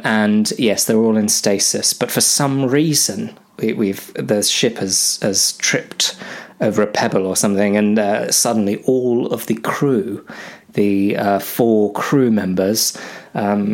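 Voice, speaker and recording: A man improvising a space story aloud, rambling and self-mocking. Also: on the low side. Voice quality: self-mocking, full of ums and restarts.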